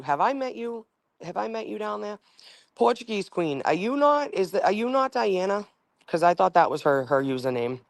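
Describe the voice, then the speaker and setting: Male streamer, angry rambling profane rant, slightly high pitch, dry close-mic sound. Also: no echo. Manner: reads and answers chat comments. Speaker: livestream host. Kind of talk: casual livestream rant.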